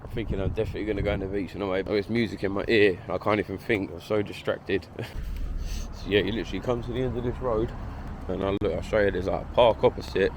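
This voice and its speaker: A man with an Essex accent and a lowish voice rambles through a casual walk-and-talk vlog, peppering his talk with "like" and swearing. Loud wind roars across his phone mic on an outdoor harbour walk. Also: fairly even intonation, quick pace. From Essex, England. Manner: rambling, slangy, full of "like" and swearing. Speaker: vlogger.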